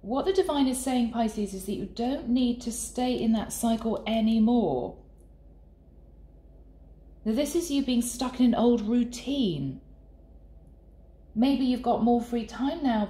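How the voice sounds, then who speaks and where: A woman giving a channeled tarot reading in an earnest, soft and sometimes emotional way. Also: fairly high pitch, unhurried. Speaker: tarot reader. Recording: echoey room with faint ambience.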